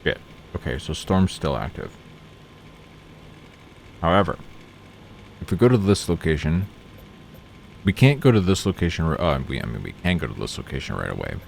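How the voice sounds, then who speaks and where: A man's voice: rumbling low, very animated, moderate pace, vocal fry, long pauses, a little mellow, slight background noise. A man streaming a game, reading in-game notes aloud and chatting casually as he plays. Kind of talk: casual gameplay commentary. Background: game music.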